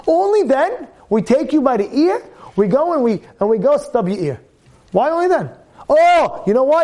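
A man's voice: very high voice, big pitch swings, moderate pace, darkish tone. A man teaching a weekly Torah-portion class. He talks emphatically, repeats his phrases and keeps firing questions at his listeners.

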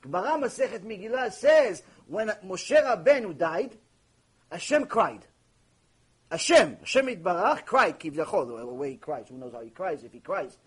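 A man's voice: sits high, animated, moderate pace, breathy edge, poor audio. A man giving an impassioned Torah lecture on Mussar, rebuking his listeners and mixing Hebrew terms into his English. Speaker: rabbi teaching Mussar.

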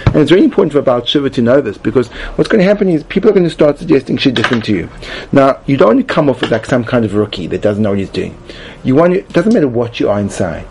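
Rapid-fire and very animated, this comedic class presenter has a gravelly, mid-range voice. His mock-instructional talk rambles, full of restarts, repeats, and constant "like"s, against background noise.

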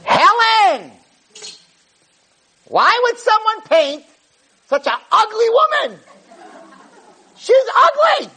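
A man voicing an elderly woman tourist who is blunt and shrill, calling out loudly. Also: very animated, slow pace, long pauses, full character voice. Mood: appalled. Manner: loud, blunt, screeching.

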